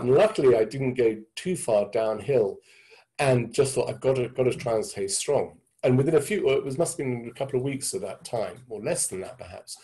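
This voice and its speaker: An English man in his sixties telling his story thoughtfully over a video call, halting with many restarts. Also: medium pitch, animated, warm tone, poor audio. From England. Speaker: guest speaker. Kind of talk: reflective storytelling talk. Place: indoor room with a door behind.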